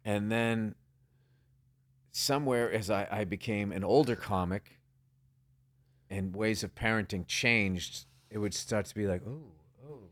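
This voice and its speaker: A man's voice: on the low side, steady tone, unhurried, pauses often, fairly bright tone. A man talking as a guest comedian in a casual interview, rambling and swearing often as he acts out voices from his stories.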